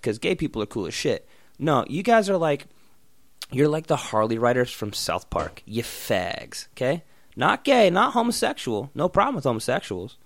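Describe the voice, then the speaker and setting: A young man in a casual, profane rant, blunt and loud in bursts, then muttering. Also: mid-range voice, no echo, clean studio sound. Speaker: vlogger.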